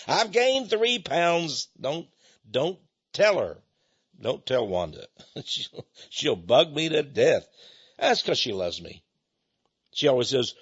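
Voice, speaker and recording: A man's voice: a little high, very animated, slow pace, pauses often, husky. An older man hosting a radio ministry show, talking in a folksy, chuckling way with stammering restarts, on dull lo-fi broadcast audio. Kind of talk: conversational radio monologue.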